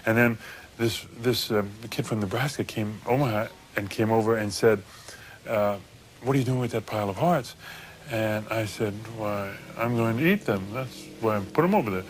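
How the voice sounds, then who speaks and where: A former football player recalling stories in an interview, relaxed and rambling. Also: male voice, on the low side, slight background noise. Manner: relaxed, rambling, many fillers. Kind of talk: anecdotal storytelling interview.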